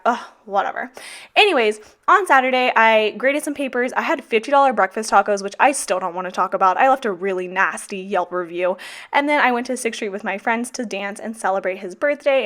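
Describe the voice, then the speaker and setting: A woman's voice: mid-range voice, animated, a little fast, fairly bright tone. Young woman doing a casual planner vlog, chatty, blunt, swears a ton. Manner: chatty, blunt and heavily profane. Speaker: teacher vlogger. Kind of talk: casual plan-with-me vlog chat.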